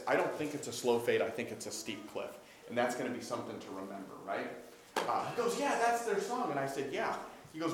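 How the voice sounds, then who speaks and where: A man giving a conversational sermon, telling stories, acting out dialogue and asking his listeners questions. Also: mid-range voice. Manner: storytelling, acts out dialogue, asks the audience questions. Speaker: preacher. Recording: echoey room with faint background noise.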